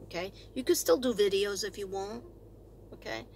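A woman's voice: mid-range voice, normal speed, darkish tone, slight background noise. A woman in her fifties, a retired teacher, chatting in a rambling, bubbly way on her astrology vlog, laughing often. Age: 50s. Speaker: astrology vlogger.

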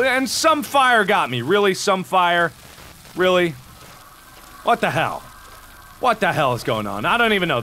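A young man narrating his horror game run, his voice bright and edged, swinging wildly from low grumbles to high yelps of panic. He rants and shouts in exasperation, and a faint hiss sits under the recording. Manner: loud frantic shouting and exasperated ranting. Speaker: gaming video host. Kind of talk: horror game playthrough commentary.

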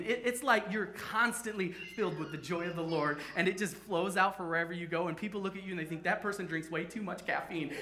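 High-pitched guy pastor preaching, jokey and playful, echoey church room. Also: sharp tone. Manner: playful, joking with the congregation. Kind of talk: sermon. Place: church sanctuary.

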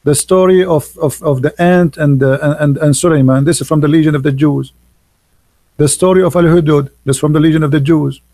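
A man hosts a live stream and preaches with emphatic scorn, repeating his points in non-native English phrasing. His voice is gravelly and dark. The sound is close and dry. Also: a little high, fairly even intonation, a little fast, no room sound. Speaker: livestream host.

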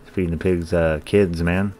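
A man's voice: low voice, steady tone, moderate pace, noisy background. A man hosting a gaming channel, giving profane, joking let's-play commentary and talking back to the characters on screen.

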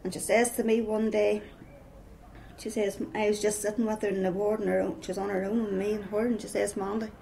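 Gravelly Northern Irish woman telling her story. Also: medium pitch, flat delivery, fairly quick, dark tone, a little hiss or hum, rough recording. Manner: storytelling with repeated "I says". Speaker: speaker giving a personal testimony. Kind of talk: personal testimony.

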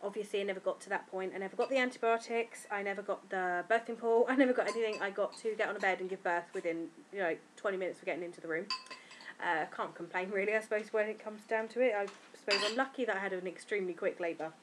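In a casual vlog with background noise, a tired woman tells her birth story, worn out from lack of sleep. Her voice is medium-pitched and she talks fast, chatty, frank and giggly, acting out the quotes.

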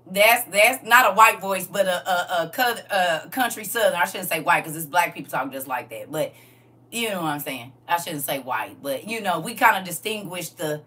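A woman's voice: on the low side, expressive, moderate pace, pushed and bright. A woman chatting casually on a live stream, laughing often and talking straight to her viewers.

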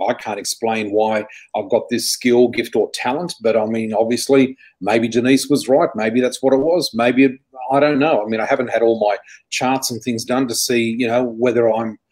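A middle-aged man with an Australian accent speaks as an interview guest, sitting at a typical middle pitch for a man. He tells his stories in an animated, rambling way, restarting sentences as he goes. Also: husky, low-quality recording. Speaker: guest psychic. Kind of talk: storytelling in an interview.

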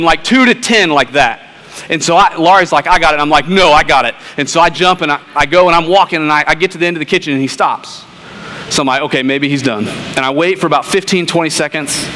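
A man's voice: on the high side, sharp tone. A man, a pastor, preaching a sermon in a conversational storytelling way, often asking "right?". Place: church sanctuary. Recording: long reverb in a church hall, faint hum.

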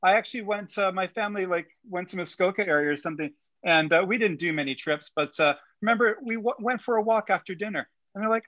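A woman's voice: mid-range voice, a bit bright, no echo. A woman hosting a casual interview, reacting eagerly and chatting about her own experiences. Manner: enthusiastic, quick reactions. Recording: dry, dull lo-fi sound.

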